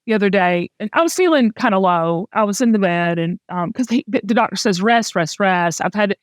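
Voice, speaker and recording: A middle-aged woman with a Southern US accent hosts a podcast, chatting casually and telling stories in a candid, emotional way. Her mid-range voice has lively intonation and a fairly quick pace. The recording is studio quality with no echo.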